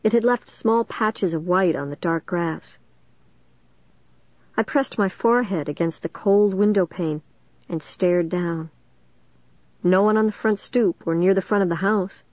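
A young adult woman giving a steady, suspenseful first-person audiobook narration on a close mic. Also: mid-range voice, dry recording. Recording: dull dry lo-fi recording.

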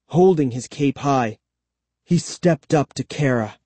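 Guy reading a spooky kids' book, slow, dark warm voice, super dry sound. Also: medium pitch, no echo. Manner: slow, expressive storytelling. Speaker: narrator. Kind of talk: audiobook narration.

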